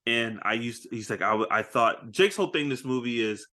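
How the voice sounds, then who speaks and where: A man's voice: mid-range voice, fast talker, hardly any pauses. A man co-hosting a podcast, recapping a movie in casual chat, acting out lines and laughing often. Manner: animated storytelling, acts out lines, laughs often. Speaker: podcast co-host.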